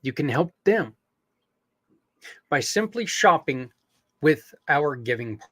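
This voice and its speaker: An earnest podcast host speaks in a fairly high voice, wandering through asides and fillers as he appeals to his listeners. The sound is dry and close, with no room around it. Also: sing-song, slow pace, fairly bright tone, no room sound.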